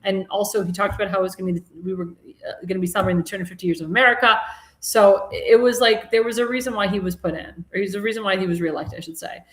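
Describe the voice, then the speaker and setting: A woman's voice: medium pitch, steady tone, fast, fairly bright tone. A woman hosting a live-stream talk show, chatting in a rambling, casual way and laughing at her own jokes. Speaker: host. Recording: echoey room.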